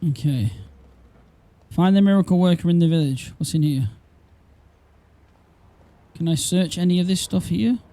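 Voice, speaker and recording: A streamer giving let's play commentary, reading game text aloud with joking asides. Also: male voice, high-pitched, moderate pace, pauses often, dark tone. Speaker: gameplay streamer.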